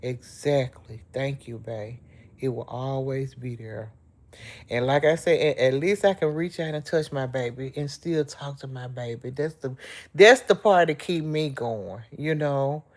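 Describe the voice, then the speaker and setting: A woman's voice: very deep voice, unhurried, darkish tone. Emotional middle-aged woman chatting live. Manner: emotional, heartfelt, talks straight to viewers. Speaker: livestream host. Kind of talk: casual livestream chat with viewers.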